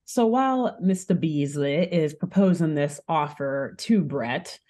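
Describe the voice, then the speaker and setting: A woman's voice: low voice, expressive, unhurried, dark tone. A woman co-hosting a podcast, recapping a cartoon episode in a casual, chatty way and laughing often. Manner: giggly, frequent laughter while recapping; chatty, with many "like" fillers and restarts. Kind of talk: casual chat and story recap.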